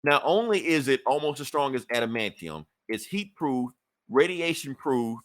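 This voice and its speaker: A man's voice: medium pitch, very animated, moderate pace, a bit bright, dry recording. A man casually recapping a comic book on a podcast, acting out the characters' lines and swearing freely. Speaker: podcast co-host reviewing comics.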